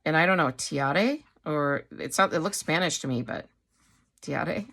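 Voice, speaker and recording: A woman's voice: low-pitched, animated, measured pace, creaky, fairly bright tone. A middle-aged woman casually showing craft supplies, chatty and rambling, with many fillers and self-corrections. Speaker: craft vlogger. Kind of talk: casual show-and-tell chat.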